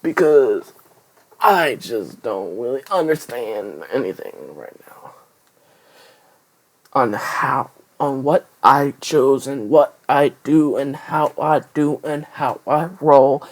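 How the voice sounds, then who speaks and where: A man's voice: medium pitch, lively intonation, slow pace, low-quality recording. A man giving rambling, casual gaming commentary, swearing constantly. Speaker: gameplay commentator.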